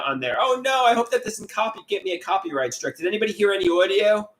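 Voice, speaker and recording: A man chatting on a casual livestream, reading viewers' comments and answering them in a rambling way, often restarting words. His pitch moves around a lot as he talks. The voice carries the ring of an echoey room. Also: animated, fast talker, hardly any pauses, fairly bright tone.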